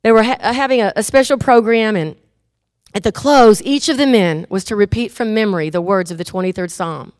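A woman preaching a sermon and leading a closing prayer, lively and laughing at times, turning earnest and quiet when she tells a story. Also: mid-range voice, fairly quick, dry recording, clean studio sound.

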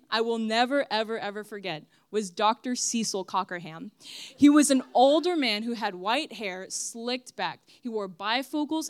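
A young woman delivers a testimony sermon in a fairly high voice, earnest and emphatic, talking right to the people in the pews. The sound is close and dry, with no room echo. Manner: earnest and emphatic, addressing the congregation directly. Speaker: church speaker giving a testimony.

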